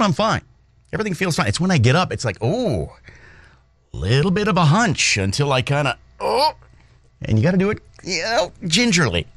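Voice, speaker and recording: A man's voice: fairly high pitch, no echo. A man in his sixties hosting a morning radio show, joking and self-deprecating as he tells stories. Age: 60s. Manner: jokey, self-deprecating, animated storyteller. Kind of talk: playful morning show banter. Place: radio studio. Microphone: studio microphone.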